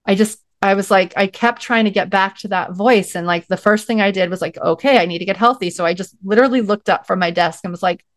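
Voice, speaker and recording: A woman's voice: medium pitch, a little fast, hardly any pauses, dry recording, clean studio sound. Chatty woman telling her story. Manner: chatty, many "like"s, acts out her own quotes. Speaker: podcast guest. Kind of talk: casual storytelling conversation.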